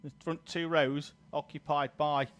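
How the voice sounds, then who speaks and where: A man's voice: on the high side, little pitch movement, a little slow, fairly bright tone. A man from Yorkshire with a Yorkshire accent, giving chatty, joking live commentary on a kart race. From Yorkshire, England.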